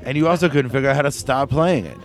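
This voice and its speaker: A man's voice: mid-range voice, quick pace. A man guesting on a comedy podcast, teasing the host with dry one-liners. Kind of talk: comic banter.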